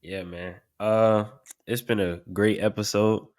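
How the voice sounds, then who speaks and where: A young man co-hosting a podcast, giving a relaxed sign-off with some fillers. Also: fairly low pitch, a little slow. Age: young adult. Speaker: podcast co-host. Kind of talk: podcast outro.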